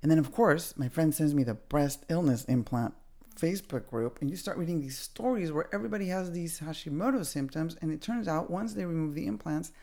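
A woman's voice: deep voice, expressive, a little fast, dark tone. A middle-aged woman hosting a podcast, telling a personal story in a candid, casual way, swearing now and then. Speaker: podcast host.

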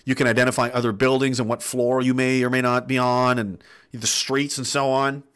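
A man's voice: medium pitch, flat delivery, a little fast, a bit bright, clear, resonant tone. A man in his thirties hosting a stream, reading chat messages aloud and ranting with a lot of profanity. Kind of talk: casual livestream rant.

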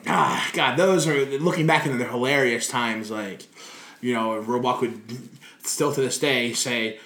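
A man being interviewed, telling stories in a lively way, swearing freely and laughing as he talks. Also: medium pitch, unhurried. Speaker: guest wrestler. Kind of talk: casual interview storytelling. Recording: roomy echo.

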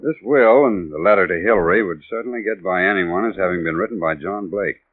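Deep-voiced, factual sergeant, dry close sound, tinny radio. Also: male voice, a little fast. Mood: matter-of-fact. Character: matter-of-fact police sergeant, handwriting expert. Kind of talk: 1940s radio acting.

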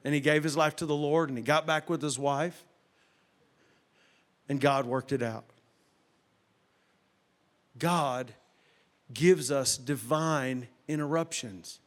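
A middle-aged man, preaching a sermon and telling a story, swinging from loud bursts to hushed retelling. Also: a little high, slow, pauses often. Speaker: pastor.

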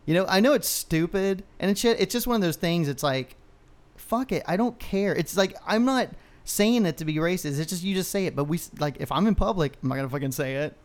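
A man's voice: high voice, a little fast. A man co-hosting a podcast, ranting in casual chat, heavy on profanity and rambling stories. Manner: profane, ranting, animated storyteller. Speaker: podcast co-host.

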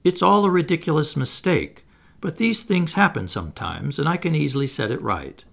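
A man voicing a plump middle-aged gentleman who stammers a little and picks his words. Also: a little high, animated, normal speed, creaky, pitched above the performer's own voice, heavily acted. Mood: reassuring. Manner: stammering, picking words, pleasant.

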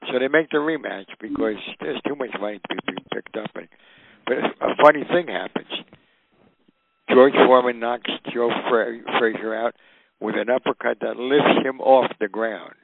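An older man with a gravelly, creaky voice tells his stories with animation and jumps into the voices of the people in them. He sounds tinny and phone-like, like a call coming through on the radio, with no room sound at all. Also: mid-range voice, normal speed, no room sound. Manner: animated, acts out quoted voices. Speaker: guest storyteller. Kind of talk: recounting anecdotes.

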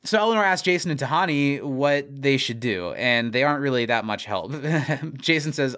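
A man's voice: medium pitch, animated, moderate pace, few pauses, a bit bright, smooth. A man co-hosting a podcast, recapping a TV episode in casual chat, laughing often and acting out quoted lines.

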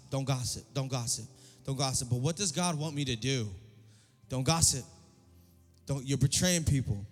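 A male pastor preaching a sermon in a church service, energetic and repetitive, calling for responses from the congregation. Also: a little high. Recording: long hall reverb, faint music.

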